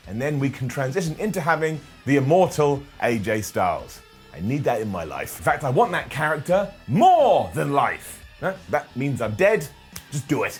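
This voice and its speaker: A man's voice: fairly high pitch, animated, a little fast, breathy edge, faint music behind. A man reviewing a wrestling show in casual commentary, full of sarcastic, joking asides. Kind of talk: casual comedic video commentary.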